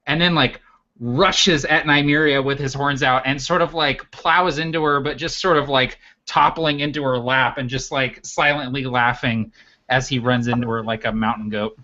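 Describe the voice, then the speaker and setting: A man's voice: medium pitch, fairly even intonation, normal speed, sharp tone, lo-fi sound. A man narrating his character in a tabletop game, hedging often with "kind of" and "sort of.". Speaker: player.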